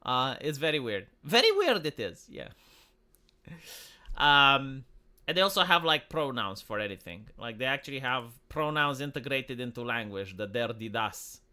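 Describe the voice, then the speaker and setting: A man's voice: medium pitch, normal speed, bright, forceful tone, smooth. A man hosting a live stream, giving casual political commentary in a sarcastic, rambling way with lots of fillers. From Romania.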